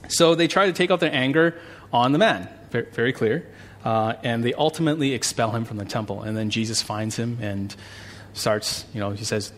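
A male pastor praying, then teaching a Bible passage in a conversational, animated way. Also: mid-range voice, moderate pace. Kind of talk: sermon with prayer.

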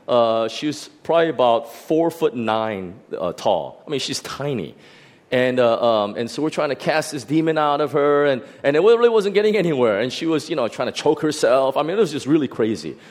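A middle-aged pastor telling a personal testimony in a sermon, animated and full of restarts and fillers. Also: male voice, mid-range voice, brisk.

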